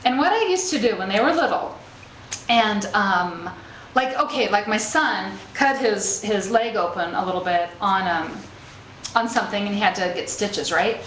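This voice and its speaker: A woman's voice: medium pitch, moderate pace, fairly bright tone. Chatty woman speaker in an echoey room. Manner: conversational, checks in with "okay?" and "right?"; laughs easily while telling stories. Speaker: spiritual speaker. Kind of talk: inspirational talk to a live group. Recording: echoey room with faint ambient noise.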